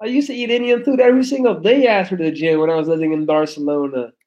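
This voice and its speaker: A man's voice: on the high side, fairly even intonation, fast talker, darkish tone, muffled recording. A young man reading viewer comments aloud in a laid-back, slangy livestream chat. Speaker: YouTuber reading live chat.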